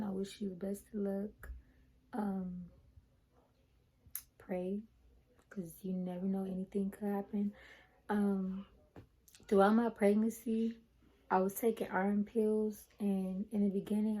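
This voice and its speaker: A young woman vlogger chatting casually to her viewers, retelling a personal story in an animated way. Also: mid-range voice, rough recording.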